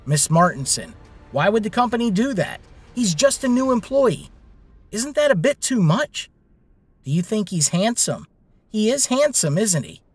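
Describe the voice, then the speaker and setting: A gossiping office worker, voiced by a male narrator, teasing and questioning in a much higher voice. It is set in a spoken storybook over faint music. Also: big pitch swings, measured pace, slightly rough, exaggerated voice. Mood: curious.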